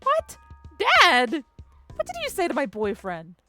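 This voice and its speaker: Brief: soft-spoken young girlfriend, pleading and protective, as a woman reads her, bright and high. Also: animated, a little fast, faint music behind. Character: sweet young woman defending her boyfriend.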